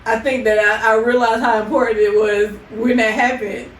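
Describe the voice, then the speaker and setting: This is a woman chatting with her partner on a podcast, her voice sitting a little high. She tells stories with lively energy and laughs freely. The mic is set back in an echoey room, with a faint hiss underneath. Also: moderate pace. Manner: animated storytelling with frequent laughter. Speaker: podcast co-host. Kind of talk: casual couple chat. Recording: roomy, distant mic, faint noise.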